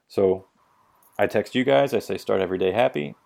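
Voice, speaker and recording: This veteran's lowish voice is gravelly and darkish, and he talks a little fast. On a casual podcast he tells stories bluntly, swears a lot, and voices other people's quotes.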